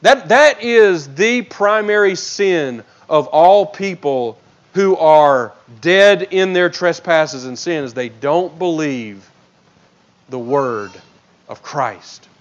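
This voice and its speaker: High-voiced animated man preaching. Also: slow pace, lo-fi sound. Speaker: pastor. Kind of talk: expository sermon.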